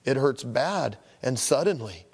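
Animated preacher man in an echoing hall. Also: mid-range voice, measured pace, husky. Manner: animated, acts out voices of complainers. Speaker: pastor. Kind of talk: sermon.

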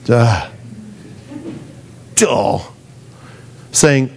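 A man's voice: a little high, big pitch swings, normal speed, pauses often, a little mellow. A man preaching a sermon in a casual, conversational way, acting out the voices of the people he quotes. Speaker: pastor.

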